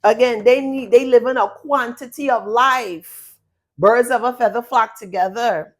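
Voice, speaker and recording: A woman giving a spoken tarot reading to her viewers, blunt and emphatic, repeating words and swearing for stress. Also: on the high side. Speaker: tarot reader.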